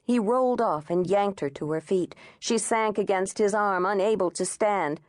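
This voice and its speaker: A woman narrating an audiobook in a measured, expressive storytelling manner on a close studio mic. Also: mid-range voice, no echo.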